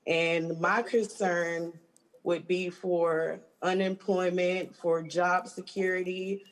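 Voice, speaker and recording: A woman from Georgia, a union stage hand, speaking haltingly and emotionally on a video call. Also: lowish voice, level tone, rough recording. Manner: halting, emotional, with many restarts.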